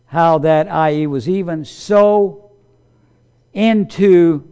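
Male pastor, sermon, slightly high voice, slow deliberate pace, emphatic repetition. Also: clean tone. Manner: emphatic, repeats key phrases, swells louder on points.

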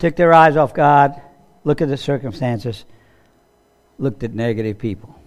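A man's voice: medium pitch, measured pace. A man preaching a sermon as a pastor. He tells Bible stories in a conversational way, asks the listeners questions and acts out the voices he quotes.

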